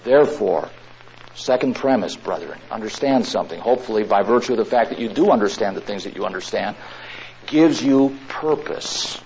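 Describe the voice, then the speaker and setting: A man with a lowish, darkish voice preaches a sermon at a quick pace, emphatic and repeating his key lines for stress. The recording is dull and lo-fi, with faint background noise.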